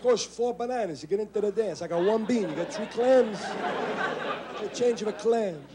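A man voicing a brash young Italian-American street tough from New York, haggling loudly in a high, swaggering shout. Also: normal speed, lightly acted. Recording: live show, noisy crowd.

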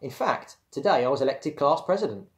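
A man's voice: medium pitch, animated, fairly quick, lightly acted. A man reading aloud, voicing a sulky schoolboy who fibs and whines. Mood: fibbing. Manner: whiny, shouting when upset. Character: sulky fibbing schoolboy, about ten.

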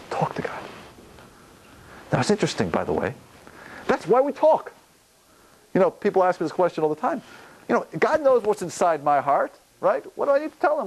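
A man, a rabbi, giving a Torah lecture on prayer, animated, posing questions and answering them himself. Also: a little high, a little hiss or hum, rough recording. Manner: animated, gestures while talking, asks and answers own questions.

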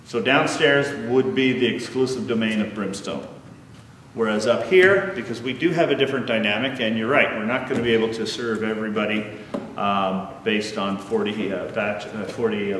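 A man's voice: lowish voice, a bit bright, recorded from a distance, a little hiss or hum. Chatty man in an echoey hall. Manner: chatty, eager, many fillers. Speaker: brewery owner. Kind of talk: casual interview. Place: large unfinished building.

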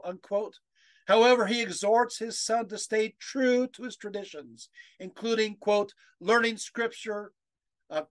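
High-voiced man lecturing on a video call. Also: fairly bright tone, no echo. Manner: emotional, chokes up while reading quotes; many fillers and restarts, asks the audience rhetorical questions.

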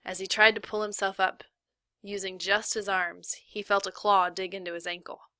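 A woman reading a novel aloud in steady, measured narration. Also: medium pitch, no room sound. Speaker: reader.

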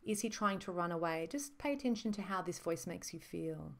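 A woman talks through a lesson on voices, measured and explanatory, often slowing down to stress a point. Her voice is slightly low for a woman. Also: animated, vocal fry. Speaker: voice instructor. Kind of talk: reflective teaching monologue.

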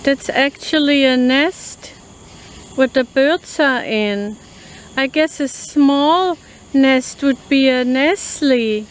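A woman talks through a food review in a slow, unhurried, chatty way, sounding out label text carefully. Her voice sits a little high for a woman. She is recorded outdoors on a phone, with crickets and insects faintly heard behind her. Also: a little hiss or hum, poor audio. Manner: chatty, reads labels aloud slowly. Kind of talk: casual product review vlog. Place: outdoors in a rural yard at night.

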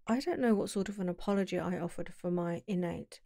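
A woman narrating an audiobook in a calm, measured storytelling voice on a close mic. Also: on the low side, gravelly, no echo.

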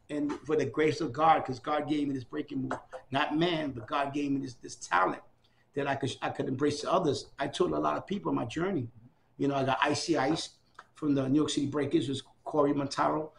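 A middle-aged man recounting his life in a casual oral history interview, animated and acting out the dialogue of people he quotes. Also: mid-range voice, gravelly, a little hiss or hum.

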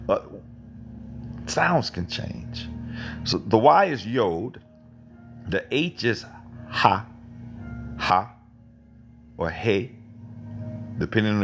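A man's voice: mid-range voice, creaky, a little hiss or hum. A man giving an informal livestream Bible teaching, digressing and correcting himself as he fires off rhetorical questions.

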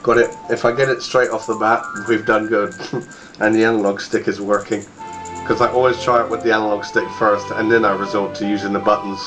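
A man's voice: lowish voice, little pitch movement, brisk, over music, poor audio. Playful man narrating his gameplay. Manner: chatty, playful, laughs often and puts on silly voices. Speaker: let's play gamer. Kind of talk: casual game commentary.

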